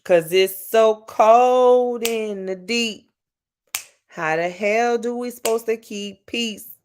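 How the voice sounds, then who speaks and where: A woman from Louisiana with a Southern accent, chatting casually with viewers on a livestream, swearing freely and jumping up and down in pitch. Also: slow pace, a little mellow, smooth. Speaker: livestream host.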